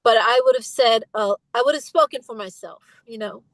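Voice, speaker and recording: A middle-aged woman with a fairly high, fairly bright voice speaks fairly quickly as a guest in a candid interview, emphatic and impassioned. She slips into imitations when retelling what others said, and the recording is dry and low quality.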